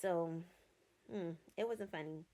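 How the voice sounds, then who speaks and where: A woman's voice: fairly low pitch, slow, mellow. A young adult woman giving a casual, blunt and profane film review from her notes, sounding exasperated.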